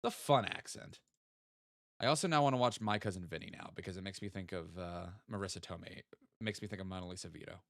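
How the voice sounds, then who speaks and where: A man's voice: low-pitched, fast, gravelly, a bit bright, no echo, clean studio sound. A young man casually thinking aloud and joking while streaming a geography guessing game. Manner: chatty, thinks aloud, jokey asides. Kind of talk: casual gaming stream chat.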